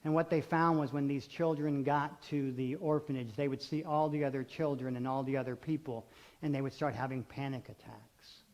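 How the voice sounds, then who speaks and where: A male pastor giving a sermon in rhythmic, repeated phrases, swinging between loud emphatic calls and hushed intimate lines, and leading his congregation in call and response. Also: medium pitch, fairly even intonation, normal speed, lo-fi sound.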